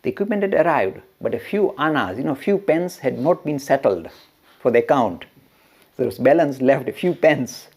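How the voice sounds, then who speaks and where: Man, religious teacher, storytelling lecture, chuckles and asides, husky voice, very lively pitch. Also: moderate pace. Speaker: religious educator.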